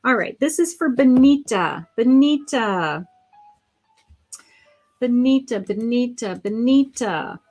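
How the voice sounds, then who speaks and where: A woman's voice: a little high, animated, takes it slowly, pauses often, a little mellow. A middle-aged woman, a psychic, giving live tarot readings to viewers in a chatty, affectionate way, thinking aloud with frequent ums and restarts. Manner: chatty, affectionate, calls viewers sweetheart and honey.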